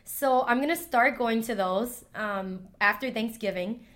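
A woman's voice: on the high side, measured pace, a bit bright, a little hiss or hum. Emotional woman telling a personal story. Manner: emotional, heartfelt, frequent "like" fillers. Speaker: storyteller guest, former teacher.

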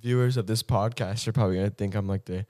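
A man guesting on a podcast, quiet and reserved, giving short replies in casual chat. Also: on the low side, fairly even intonation, fast.

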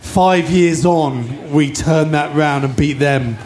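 A man's voice: on the high side, slow pace, darkish tone, slight background noise. A man hosting a live podcast, reminiscing with enthusiasm about old football matches. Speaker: podcast host. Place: live show venue with audience.

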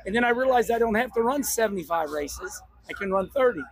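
High-pitched older man, choked up. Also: expressive, fast, breathy edge, no echo. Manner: choked up, exuberant, repeats himself. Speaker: race car driver. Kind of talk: emotional post-race talk and vlog. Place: outdoor racetrack. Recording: noisy outdoor racetrack recording.

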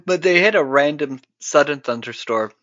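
Podcast co-host, male, bright and slightly high voice, jokey, dull lo-fi dry sound. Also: animated, normal speed, no echo. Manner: jokey, acts out quotes in silly voices. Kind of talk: casual movie chat.

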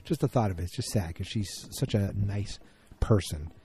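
Man, casual rambling TV recapper, low and very mellow voice. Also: moderate pace. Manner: rambling, thinks aloud, often restarts mid-sentence. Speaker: TV episode recapper.

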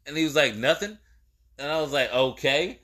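A man's voice: a little high, very fast. A young man co-hosting a podcast, chatting casually and acting out the people in his stories. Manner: animated storyteller, acts out quoted exchanges. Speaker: podcast co-host. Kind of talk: casual chat.

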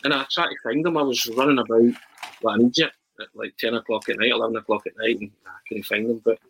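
Husky, forceful man telling stories. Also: medium pitch, fast talker, poor audio. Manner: animated storyteller, frequent restarts. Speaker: guest. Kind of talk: casual chat.

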